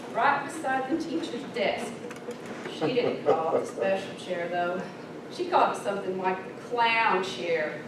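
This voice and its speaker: A woman in her fifties tells a humorous story to a speech club, singing snatches and acting out the people in it. Her voice sits high and swoops widely, at an unhurried pace. The mic is far off in a very echoey hall, with clear background noise. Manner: animated, sings snatches and acts out characters. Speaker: Toastmasters speaker.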